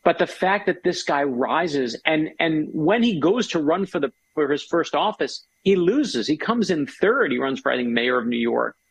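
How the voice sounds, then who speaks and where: Gravelly, husky-voiced man in conversation. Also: on the high side, lively intonation, moderate pace, hardly any pauses, poor audio. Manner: enthusiastic, storytelling. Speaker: author and guest. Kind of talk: casual conversation.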